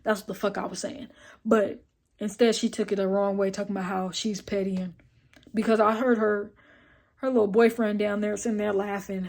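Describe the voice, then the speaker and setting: A young woman talks straight to camera in a casual vlog. Her voice sits at an ordinary middle pitch. She tells her story bluntly and with plenty of swearing, and she acts out each line of dialogue with lively energy. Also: brisk, vocal fry. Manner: blunt, profane and animated; retells scenes with quoted dialogue and filler like "boom, boom, boom". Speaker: vlogger.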